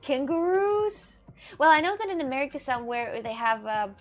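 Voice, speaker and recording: A woman reading her live chat aloud talks fast with lively intonation in a voice on the high side. She's chatty and laughs often during this casual stream, recorded outdoors on a city walk over faint music.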